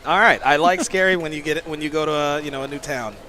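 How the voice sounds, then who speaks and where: A man, a sumo coach, giving casual sports commentary, excitable and often laughing while telling rambling stories. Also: on the high side, fast, a little hiss or hum. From United States.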